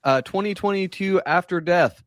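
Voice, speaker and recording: A man on a podcast, cracking jokes and slipping into quick comic bits. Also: high voice, no echo, clean studio sound. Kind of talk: casual podcast chat.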